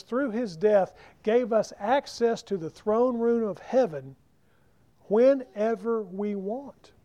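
A man preaching a sermon, emphatic and slowing down to stress key words. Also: sits high, warm tone. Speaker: pastor. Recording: dull lo-fi recording.

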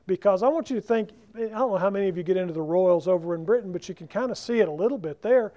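A man preaching a sermon, emphatic and slowing down to stress key words. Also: high voice. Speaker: pastor. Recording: dull lo-fi recording.

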